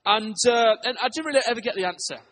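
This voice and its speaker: A British pastor preaches with restless energy, his voice sitting high for a man. He tells stories fast, stumbling and repeating words as he goes. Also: a bit bright, slight background noise. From England. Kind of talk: sermon.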